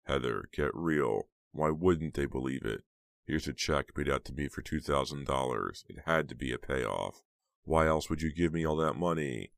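Audiobook: very deep-voiced man as a cold, smug teen villain, slow and dry. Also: vocal fry, no room sound. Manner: calm, cold, self-satisfied. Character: smug, menacing teenage boy killer. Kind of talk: audiobook character voice.

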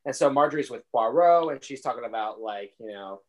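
A man's voice: mid-range voice, expressive. A man co-hosting a casual podcast, joking and laughing as he recaps an episode. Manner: jokey, laughs often, talks in quick bursts. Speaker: podcast co-host. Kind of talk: casual chat.

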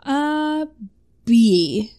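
A woman in casual chat about films, playful and quick with quips. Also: sits high, expressive, dark tone.

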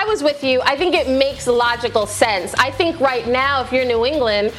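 A woman analyst on a sports talk show, chatty and quick to laugh. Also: high-pitched, a bit bright, faint music behind. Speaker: panelist analyst.

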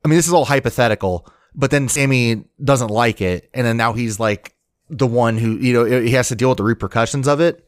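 A man's voice: medium pitch, fairly quick, dry recording. Male podcast co-host, casual and rambling, dry close mic. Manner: rambling, full of "like" and restarts. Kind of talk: casual chat.

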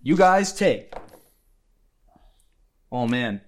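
A man's voice: medium pitch, big pitch swings, very slow. A man running a tabletop game as game master, narrating with playful, vivid descriptions and frequent laughter.

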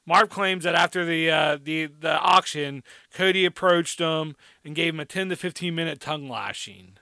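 Man, casual podcast storytelling, rambling, high bright voice, dry close sound. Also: moderate pace, vocal fry, smooth, no room sound. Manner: rambling, animated, many fillers. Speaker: podcast co-host.

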